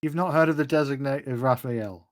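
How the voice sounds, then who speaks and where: A man voicing a female vampire hunter who brags of being a holy chosen warrior, with exasperated, quick retorts in his own plain voice. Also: mid-range voice, background noise, lightly acted. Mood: indignant.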